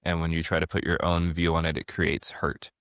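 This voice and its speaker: A man in his thirties hosting a podcast, telling stories in a lively casual way with frequent restarts. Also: low voice, brisk, clean tone, dry recording, studio quality. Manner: animated storyteller, frequent restarts. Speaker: podcast host. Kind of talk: casual conversation.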